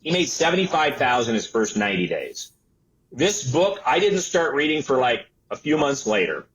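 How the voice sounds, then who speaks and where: A man in his sixties, an entrepreneur and author, telling his life story as an interview guest. He tells it in an animated way and acts out the voices of the people he quotes. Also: medium pitch, moderate pace, poor audio. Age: 60s.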